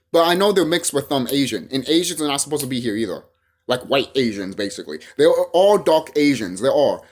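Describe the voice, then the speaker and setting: A young man from El Salvador talking casually to camera in a rambling, emphatic, profane way with frequent restarts. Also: on the high side. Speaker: vlogger.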